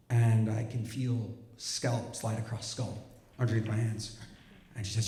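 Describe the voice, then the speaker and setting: A man's voice: medium pitch, steady tone, measured pace, dark tone. A man telling a true personal story on stage, wry and vivid, with a self-mocking edge. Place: stage of a cultural center hall. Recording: roomy hall sound.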